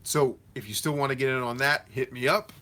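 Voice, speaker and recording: Guy doing a casual live q&a, reading comments and answering them, upbeat coach vibe, slangy, voice sounds bright. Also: mid-range voice, fairly quick. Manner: reads viewer comments aloud and answers them directly; motivational coach tone, addresses viewers as friends. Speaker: host of a live Q&A stream. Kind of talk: casual livestream chat.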